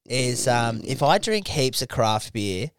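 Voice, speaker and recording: A man's voice: mid-range voice, sing-song, slow pace, clear, resonant tone, no room sound, clean studio sound. A young man hosting a casual comedy podcast, telling crude stories with lots of swearing and laughter. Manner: crude, laughing storyteller, mimics voices. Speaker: podcast host.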